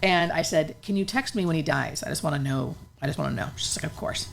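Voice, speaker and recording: A woman's voice: sits low, fast, gravelly, a little hiss or hum. A woman hospice nurse earnestly telling a personal story in conversation, emotional and full of fillers.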